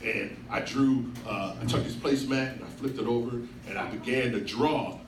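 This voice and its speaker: A man's voice: mid-range voice, moderate pace, creaky. A man in his thirties telling a laid-back stand-up story on a club stage into a handheld mic. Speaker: stand-up comedian. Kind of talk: stand-up set. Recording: echoey club from far off. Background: room noise and audience.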